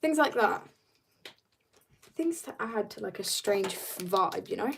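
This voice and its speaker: Teen girl streamer, bit husky n hoarse, rambly and playful, chatting to viewers at her desk mic. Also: medium pitch, expressive, unhurried, a little hiss or hum. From South Africa. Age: teens. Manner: rambling, playful, reads out chat and greets viewers. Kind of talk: casual live-stream chat.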